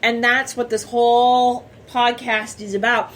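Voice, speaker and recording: A woman's voice: fairly high pitch, level tone, a little slow, a bit bright, a little hiss or hum. Blunt, outspoken woman. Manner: blunt and outspoken, swears freely. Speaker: podcast co-host. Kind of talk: casual chat.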